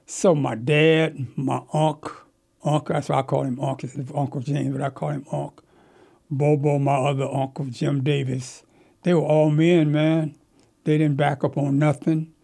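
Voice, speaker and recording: An older man, a community elder, telling stories from his life in an animated, emphatic way as an interview guest. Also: on the high side, unhurried, gravelly. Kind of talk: storytelling in conversation.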